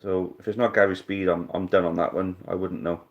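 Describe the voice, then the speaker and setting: A man hosting a live-stream quiz, chatting casually, thinking out loud, swearing now and then and calling the players mate. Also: low voice, little pitch movement, a little fast, muffled recording.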